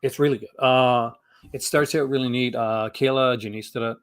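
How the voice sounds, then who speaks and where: A man's voice: mid-range voice, steady tone, moderate pace, clear, resonant tone, dry recording. Chatty Canadian man on a dry mic. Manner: enthusiastic, rambling with many fillers and restarts. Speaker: guest. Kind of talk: casual chat.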